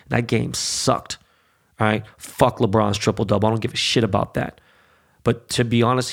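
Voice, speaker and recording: Brief: male sports ranter, gravelly fry, medium pitch, blunt and cussing. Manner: profane, heated and blunt; streetwise slang. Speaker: sports commentator. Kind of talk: casual sports rant.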